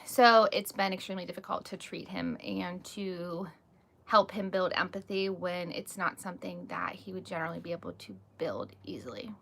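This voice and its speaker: A woman's voice: on the low side, moderate pace, a bit bright. A woman hosting a casual live stream, chatting openly and reading out viewer comments, with frequent "like" and "um" fillers. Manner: candid, talks with many "like" and "um" fillers. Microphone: phone or webcam, live stream.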